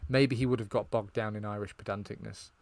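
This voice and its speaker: A man's voice: lowish voice, fairly quick, no echo. A British man co-hosting a podcast in casual chat, telling stories with energy and quoting lines he finds funny. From Britain. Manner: animated storyteller, quotes film lines and laughs at them. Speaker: podcast co-host.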